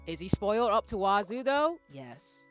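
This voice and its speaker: A woman's voice: medium pitch, very animated, normal speed, faint music behind. A woman streamer chatting casually with viewers, rambling and laughing often as she reads the chat aloud. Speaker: live streamer.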